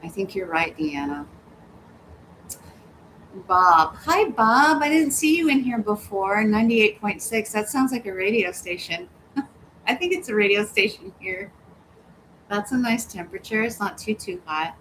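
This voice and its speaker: A woman's voice: mid-range voice, expressive, unhurried, fairly bright tone, slight background noise, rough recording. A woman hosting a casual livestream, reading viewer comments aloud, laughing often and cussing freely. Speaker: livestream host. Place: home, hot weather.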